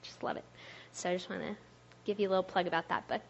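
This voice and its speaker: A woman giving a casual, conversational sermon to a youth group, chatty and quick to laugh, with lots of "like" in her speech. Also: lowish voice, fairly even intonation, gravelly. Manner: chatty, laughs often, uses "like" a lot. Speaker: speaker at a church youth talk.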